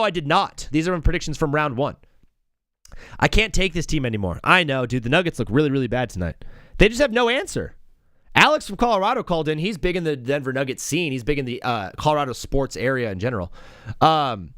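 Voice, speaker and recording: A man's voice: fairly high pitch, fairly bright tone, no room sound, clean studio sound. A young man hosting a live sports stream, rambling and joking in a casual way with lots of "dude" and "bro".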